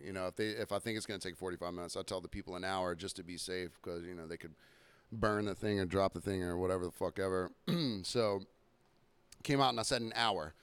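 Smooth-voiced man ranting casually. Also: low-pitched, fairly bright tone, dry recording. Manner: profane, rambling, exasperated. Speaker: podcast host. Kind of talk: casual storytelling monologue.

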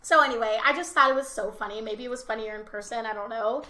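Young woman teacher chatting on a podcast, bright voice, acts out the kids, kinda echoey room. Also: fairly high pitch, fast. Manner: animated storyteller, acts out kids' voices. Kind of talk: casual podcast chat. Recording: roomy echo.

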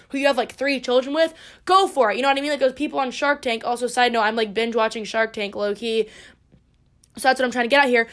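A young woman in her twenties talks through a solo podcast in a high, bright-pitched voice. She is blunt and animated, swearing freely as she makes her points. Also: quick pace. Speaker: podcast host. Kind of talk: casual solo podcast chat.

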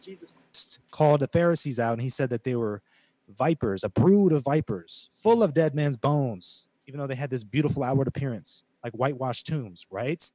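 Emphatic preachy man, dark voice. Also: medium pitch, animated, normal speed, dry recording. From United States. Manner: emphatic, preachy, quotes scripture, mocks critics in quoted voices. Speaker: podcast co-host. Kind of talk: casual podcast talk, preaching tone.

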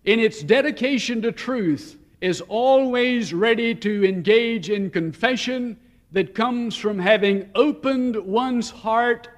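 A man preaching a sermon, telling stories and shifting between slow, weighty phrases and quick asides. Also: extremely high pitch.

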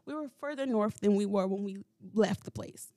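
A woman hosting a solo podcast, telling stories in a casual, animated way, swearing freely and laughing as she goes. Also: mid-range voice, normal speed, no room sound, studio quality. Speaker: podcast host. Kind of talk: casual solo storytelling monologue.

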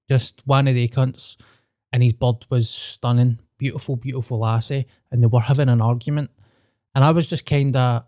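A young Scottish man telling a street story in casual chat, sweary and animated. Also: medium pitch, no echo, clean studio sound.

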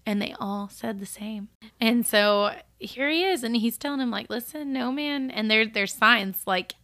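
A woman's voice: mid-range voice, measured pace. A woman co-hosting a casual Bible study podcast, reading scripture aloud and talking it through. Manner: reads scripture aloud, animated when quoting. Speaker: podcast co-host.

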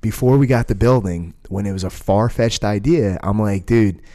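A man's voice: fairly low pitch, moderate pace. Casual, swearing man riffing on a podcast. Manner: rambling, profane, animated storytelling. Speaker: podcast co-host, jiu-jitsu school owner.

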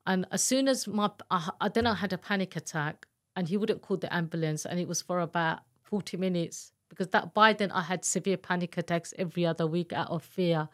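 A woman speaks as an interview guest, recounting her own experience in a candid, earnest way. Her voice sits on the lower side, and she often pauses, restarts and searches for words. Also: a bit bright. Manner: candid, earnest, halting retelling. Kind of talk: emotional personal testimony in an interview.

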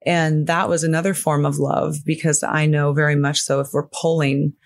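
A middle-aged woman talking as a podcast guest, in a halting way full of "you know" fillers. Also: deep voice, flat delivery. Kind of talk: conversational interview.

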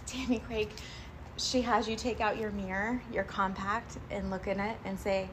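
A woman with a somewhat high voice gives a live motivational talk, chatty and animated. She laughs easily and keeps asking her audience questions. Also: moderate pace, slight background noise. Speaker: motivational speaker addressing a group.

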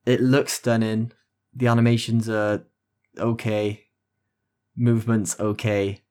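A man's voice: fairly low pitch, little pitch movement, takes it slowly, a little mellow. A man co-hosting a casual gaming podcast, talking with enthusiasm and rambling through long explanations. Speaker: podcast co-host.

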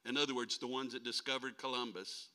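A man in his sixties from North Dakota, a traveling preacher giving a folksy, animated sermon and calling on the congregation to answer back. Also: medium pitch, quick pace, heavy background noise. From North Dakota, USA. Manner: folksy, animated, calls on the crowd to respond.

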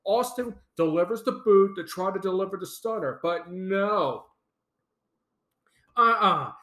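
A man's voice: high-pitched, lively intonation, unhurried, pushed and bright. A man hosting a solo fan podcast. He talks with enthusiasm, gives strong opinions and laughs often. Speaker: podcast host. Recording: echoey room.

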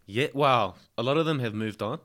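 This young man speaks with a New Zealand accent, a medium-pitched, fairly bright voice and a moderate pace. As a guest in casual podcast chat, he tells stories in an unhurried way and calls the host "bro" again and again.

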